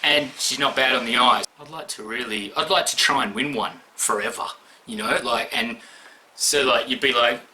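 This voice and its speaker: Sweary guy with a bright voice. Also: mid-range voice, normal speed. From Australia. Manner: swears constantly, rambling and blunt. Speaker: YouTuber answering award questions. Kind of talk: casual vlog monologue.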